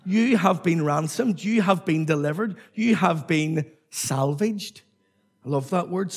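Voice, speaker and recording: Male preacher, husky and a bit high-pitched, emphatic sermon delivery with call-and-response. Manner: emphatic, repetitive, calls on the congregation to respond.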